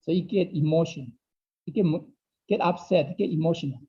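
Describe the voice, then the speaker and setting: Dark-voiced man teaching a Dao class. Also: fairly high pitch, brisk, a little hiss or hum. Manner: repeats phrases, asks "okay?" often; non-native English phrasing. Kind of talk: online Dao study class talk. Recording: dull lo-fi online class audio.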